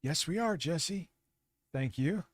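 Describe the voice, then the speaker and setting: A man hosting a livestream, ranting and mocking in a profane, rapid commentary. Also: fairly high pitch, lively intonation. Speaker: streamer host.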